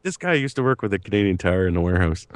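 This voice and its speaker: Low, dry-voiced rambling man. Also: very animated, very fast, no echo. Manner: rambling, hesitant, full of fillers. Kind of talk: casual chat.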